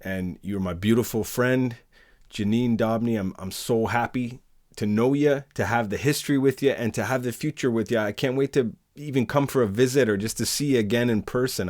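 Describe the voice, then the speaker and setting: A man's voice: mid-range voice, a little mellow. A man hosting an unscripted podcast chat, effusive and affectionate with his guest over a remote call. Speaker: podcast host.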